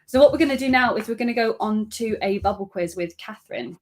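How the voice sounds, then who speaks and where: A woman's voice: fairly high pitch, fast talker. A woman teaching, methodically explaining an exam answer step by step.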